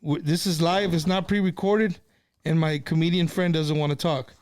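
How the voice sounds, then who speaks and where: A man's voice: fairly high pitch, fairly even intonation, normal speed, darkish tone. A middle-aged man hosting a casual live stream, chatting and telling stories in an easygoing way, with plenty of "you know" and "man".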